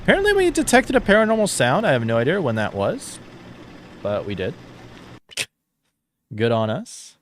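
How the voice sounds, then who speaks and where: A man's voice: medium pitch, wildly swooping pitch, moderate pace, pauses often, slight background noise. A man giving casual commentary while streaming a game, chatty and thinking aloud with frequent fillers.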